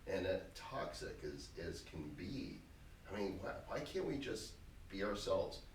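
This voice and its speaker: A man's voice: low-pitched, big pitch swings, a little slow, creaky, slight background noise. A man hosting a podcast conversation, adding brief wry asides, recorded on a phone in an apartment room. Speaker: podcast host. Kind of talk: casual conversation. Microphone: phone recording from across the room. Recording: echoey room, distant phone mic, faint ambience.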